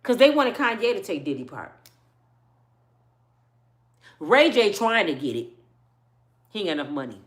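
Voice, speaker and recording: A woman ranting about celebrity gossip to her viewers, animated and profane, quizzing them with rhetorical questions. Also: medium pitch, moderate pace, long pauses. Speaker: vlogger.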